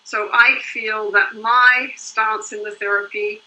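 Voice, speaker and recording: A woman's voice: medium pitch, steady tone, slow, pushed and bright, rough recording. An older woman, a couples therapist, explaining her work in earnest, flowing interview answers. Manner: earnest, explains in long flowing runs with "you know" and "right?".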